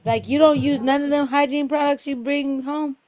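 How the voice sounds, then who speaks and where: A man chatting casually on a video call from outdoors, loud and animated, full of slang, calling out to his cat. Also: very high voice, normal speed. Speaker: caller in a group video chat. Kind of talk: casual chat.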